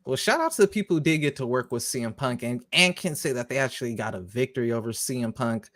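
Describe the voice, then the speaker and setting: A man co-hosting a podcast, talking wrestling in an animated, profane, emphatic way. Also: mid-range voice, fast, no echo, studio quality. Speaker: podcast co-host. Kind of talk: casual wrestling chat.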